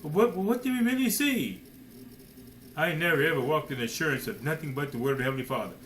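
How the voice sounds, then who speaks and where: A man's voice: on the high side, lively intonation, quick pace, fairly bright tone, a little hiss or hum, poor audio. A man preaching a sermon emphatically, firing rhetorical questions and addressing listeners directly as man and son.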